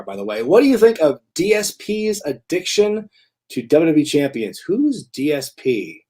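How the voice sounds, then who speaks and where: A young man talks loosely on his live stream, reading out viewer messages and often stopping to correct himself. His voice sits a little higher than most men's, and he chuckles often between thoughts. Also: a little mellow. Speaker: host of a live wrestling review stream.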